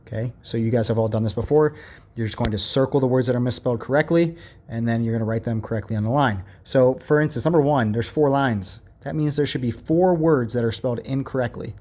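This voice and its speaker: A patient young man teaching a remote lesson, explaining each step slowly and checking in often. His voice sits at a moderate, everyday pitch. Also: darkish tone. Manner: patient, step-by-step, repeats "all right" and "okay". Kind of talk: recorded remote lesson walkthrough.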